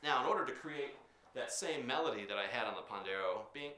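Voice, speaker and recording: A man's voice: mid-range voice, lively intonation, bright, forceful tone. Man teaching drums in an echoey room. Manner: explanatory, with frequent filler pauses. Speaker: percussion instructor. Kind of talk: instructional demonstration. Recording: echoey room with drum sounds.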